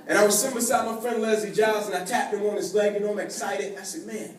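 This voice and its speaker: A man telling a personal story to an audience, acting out the voices of the people in it and swinging between hushed and excited. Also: high voice, fast, hardly any pauses. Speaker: motivational speaker. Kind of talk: storytelling keynote speech. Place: large event hall. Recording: echoey hall from far off, faint noise.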